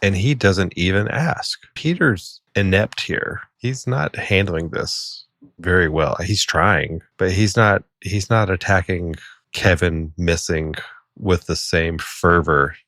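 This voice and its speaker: An easygoing American man chatting on a podcast, laughing often and poking fun at himself. His voice sits very low, and the recording is dry and close. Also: slow pace, a bit bright, dry recording. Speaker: podcast co-host. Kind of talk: casual chat.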